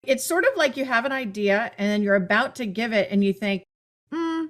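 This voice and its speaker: Measured woman explaining like a coach. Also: medium pitch, a bit bright. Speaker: communication coach and podcast host. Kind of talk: casual podcast chat.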